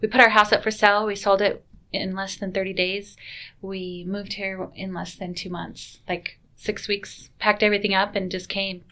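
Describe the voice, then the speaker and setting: A woman guest telling a family story in a casual, animated way, acting out quoted lines. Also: medium pitch, normal speed.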